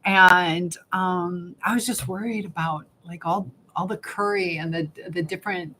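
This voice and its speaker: A woman's voice: lowish voice, steady tone, unhurried, sharp tone, rough recording. A woman hosting a casual live stream from home, chatting and reading viewer comments aloud with frequent laughs.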